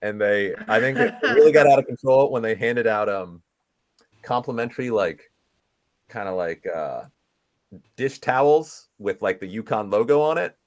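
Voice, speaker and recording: A man's voice: on the low side, expressive, moderate pace. A man from England co-hosting a live chat, telling a story with self-deprecating humor and laughing along. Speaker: co-host.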